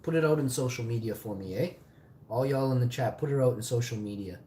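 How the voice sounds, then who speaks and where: A man in his forties rants angrily and bitterly on a live stream, cursing as he goes. His mid-range voice is dark in tone and quick in pace, and the echoey room carries faint ambience and slight background noise.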